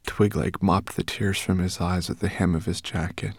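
A man's voice: sits low, fairly even intonation, normal speed, gravelly, few pauses, breathy edge, dry recording, clean studio sound. A man reading an audiobook as narrator, telling the story expressively. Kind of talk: scripted narration.

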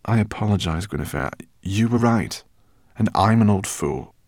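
A man's voice: fairly low pitch, expressive, moderate pace, darkish tone, dry recording, clean studio sound. A man voicing a gloomy, remorseful father who mutters his words.

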